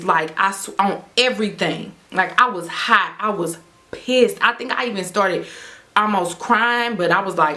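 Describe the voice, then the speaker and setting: A young woman vlogger telling a personal story in an animated, emphatic way, often repeating phrases. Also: mid-range voice, normal speed. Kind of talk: storytime vlog, casual storytelling.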